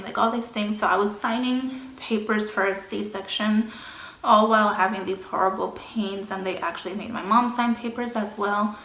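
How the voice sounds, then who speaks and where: A woman's voice: medium pitch, creaky, fairly bright tone. A young woman vlogging and casually telling a personal story. She acts out what people said and sometimes drops to a whisper. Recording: echoey room.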